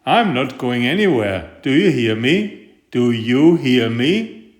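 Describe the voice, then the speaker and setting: A man's voice: mid-range voice, sing-song, slow pace. A man voicing a greedy, wisecracking talking sweet tooth that pushes and whines for sweets in a storybook reading. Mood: demanding. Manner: pushy, whiny, demanding. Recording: roomy echo.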